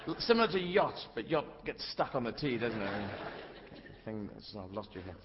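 Middle-aged guy doing stand-up live in a big hall, lively swoopy voice, crowd laughing in the back. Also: medium pitch, moderate pace. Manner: rambling, animated, puts on shouting old-lady voices. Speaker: stand-up comedian. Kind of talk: stand-up comedy routine. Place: large theatre stage. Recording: live hall recording, dull sound, audience noise. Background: audience laughter.

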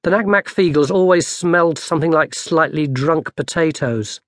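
A man narrating an audiobook in a lively, dry storytelling manner. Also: a little high, moderate pace, no room sound. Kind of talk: scripted narration.

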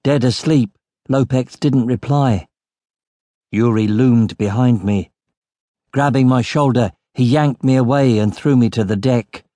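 A man's voice: mid-range voice, measured pace, warm tone, no echo. Male audiobook narrator, dry studio sound. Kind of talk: scripted narration.

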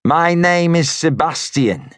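An actor voicing a wry, stocky northern man with a thin, nasal northern English accent who speaks slowly and teasingly. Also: a little high, very animated, fairly bright tone, no room sound, clean studio sound, pitched above the performer's own voice, full character voice.

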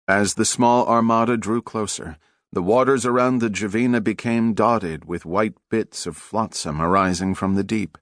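A man giving measured, dramatic scripted narration for an audiobook on a close studio mic. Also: on the low side, fairly bright tone, dry recording.

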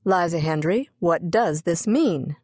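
A woman's voice: on the low side, normal speed, a little mellow, dry recording, clean studio sound, natural voice. A woman voicing an anxious, earnest young mother in a storybook reading. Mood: worried. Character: worried young mother, gentle then sharp.

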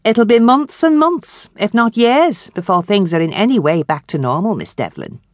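A woman's voice: medium pitch, big pitch swings, no echo, clean studio sound, voice pushed up, lightly acted. A woman reading an audiobook, voicing a prim, sceptical shop manageress who drags out her words. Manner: doubtful and drawn-out.

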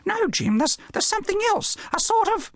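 A man's voice: sing-song, moderate pace, no room sound, clean studio sound, full character voice. Man voicing a squawky female macaw. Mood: alarmed. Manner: high squawky bird voice. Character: chirpy clever female macaw bird. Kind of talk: audiobook character voice.

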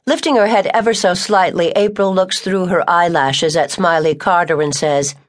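Low-pitched woman narrating a novel. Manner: even, measured storytelling. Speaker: audiobook narrator. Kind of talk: scripted narration.

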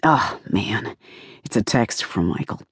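Lady narrator doing a brash middle-aged producer dude, low and curt, barely paying attention. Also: animated, slow, breathy edge, no room sound, studio quality, heavily acted. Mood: conspiratorial. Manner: curt, offhand, phone-distracted. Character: brash fifty-ish male film producer, distracted.

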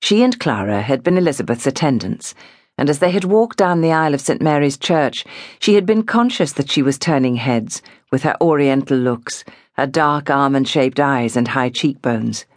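A woman narrating an audiobook in a measured, expressive storytelling manner. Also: extremely low pitch, dry recording, studio quality. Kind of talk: scripted narration.

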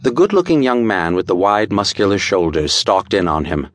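A man narrating an audiobook in a measured, dramatic storytelling style, recorded close to a studio mic. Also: low-pitched, expressive, fairly bright tone, no echo. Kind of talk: scripted narration.

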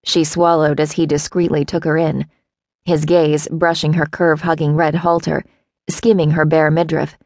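A woman narrating an audiobook in a wry, even storytelling manner. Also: deep voice, normal speed, dry recording, clean studio sound.

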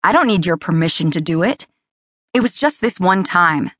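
A wary young woman reporter, quick and wry with her answers, voiced by the narrator herself. It's an audiobook reading, the voice close and dry with no room around it. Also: lowish voice, expressive, fairly bright tone, no room sound. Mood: defensive.

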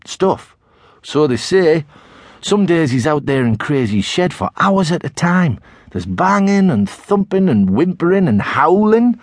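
An audiobook narrator voicing a cheeky, excitable teenage boy with a Tyneside accent, gossiping and exaggerating. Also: on the high side, a little slow, dry recording, clean studio sound, voice pushed up. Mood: gleeful gossip. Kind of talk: audiobook character voice.

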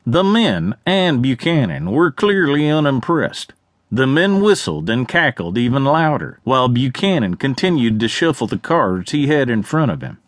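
Guy reading a western audiobook, lively up and down voice, dry studio sound. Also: mid-range voice, normal speed, dry recording. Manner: lively, expressive storytelling. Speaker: audiobook narrator. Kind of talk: scripted western narration.

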